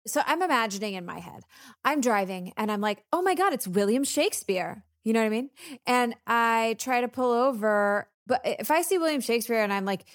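A woman's voice: on the high side, fairly quick, no echo, clean studio sound. A woman co-hosting a podcast, chatting casually and telling stories with acted-out dialogue. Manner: animated storyteller, acts out dialogue. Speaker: podcast co-host. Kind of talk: casual chat.

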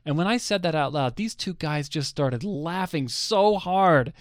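With a fairly high pitch and lively intonation, this American man co-hosts a podcast at an unhurried pace, recorded in clean studio sound with no echo. His chat is casual, full of easy laughter and filler-laden hesitations.

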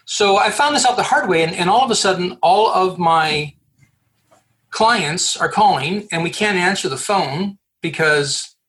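A middle-aged man from Canada, a guest in an interview, telling a story in an animated way, laughing and acting out the voices he quotes. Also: sits high, unhurried, rough recording. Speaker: guest, recruiter. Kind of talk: storytelling in a conversation.

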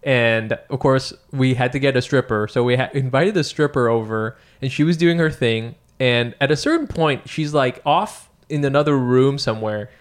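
A man co-hosting a podcast in casual chat, relaxed and playful, swearing casually while telling stories. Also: mid-range voice, moderate pace, few pauses. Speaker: podcast co-host.

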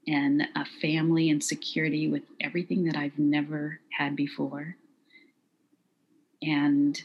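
A middle-aged woman recounting a personal story in an interview, quiet, measured and halting. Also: low voice, husky, poor audio. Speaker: guest.

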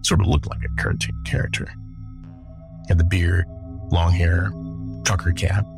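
A man hosting a podcast, retelling a story in a measured, dramatic way. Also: low voice, gravelly, over music. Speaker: podcast host. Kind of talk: storytelling narration.

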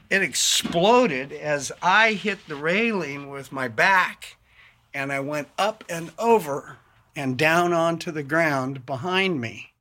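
Male interviewee, unhurried storyteller, deliberate delivery, mid-range voice. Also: mid-range voice. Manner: deliberate, measured, rising sharply when quoting shouts. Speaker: interviewee recounting an attack. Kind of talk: slow first-person storytelling.

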